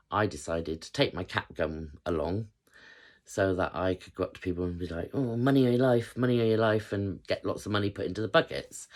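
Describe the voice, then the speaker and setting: A woman in her fifties from England with a notably low voice tells a personal story in a casual, chatty way. She rambles, pausing often on fillers as she goes. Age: 50s. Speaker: vlogger.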